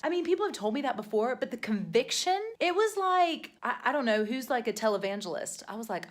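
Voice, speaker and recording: An American woman vlogger chatting to camera in a casual, animated way, full of jokes and sassy asides. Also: on the high side, a little fast. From United States.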